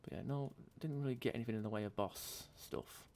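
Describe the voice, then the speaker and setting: With a mid-range, slightly creaky and mellow voice, this let's play host talks a little fast as he casually plays through a game. He's young, loose and chatty, cursing often and reading item descriptions aloud over faint background noise.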